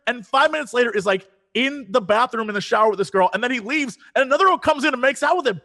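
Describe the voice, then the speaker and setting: High, lively-voiced man telling animated stories. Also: quick pace. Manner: animated storytelling, breaks into exaggerated quoted voices. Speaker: podcast guest. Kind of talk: casual chat. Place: Los Angeles.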